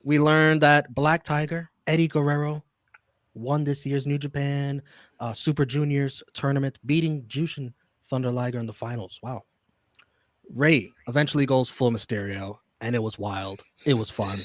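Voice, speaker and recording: A man's voice: medium pitch, fairly even intonation, normal speed, no room sound, studio quality. A man co-hosting a wrestling podcast, reading out match notes and star ratings with wry asides. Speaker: podcast co-host. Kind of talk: casual wrestling match recap.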